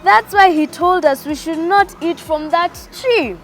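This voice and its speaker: A woman voicing an eager, curious first woman in a children's story, speaking in an excited, exclaiming way. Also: very high voice, unhurried, faint music behind, pitched above the performer's own voice, full character voice.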